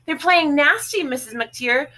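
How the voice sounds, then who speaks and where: A woman's voice: sits high, animated, a little slow, pushed and bright, voice pushed up, heavily acted. A woman voicing a young tattletale girl who hollers shrilly for an adult. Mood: tattling.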